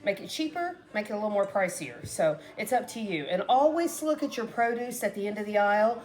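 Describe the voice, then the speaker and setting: A middle-aged woman talks through a recipe in a loose, rambling way, often trailing off and starting over. Her pitch swings widely through each sentence, and her voice sits in an ordinary middle range for a woman. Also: lively intonation, brisk, darkish tone. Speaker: cooking vlogger. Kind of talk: casual cooking chat to camera.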